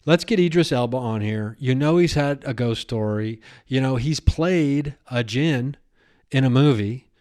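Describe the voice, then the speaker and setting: A male comedian hosts a solo podcast in a loose, casual monologue. He talks excitably and rambles from riff to riff, often restarting his sentences. His voice sits at an ordinary middle pitch. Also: measured pace.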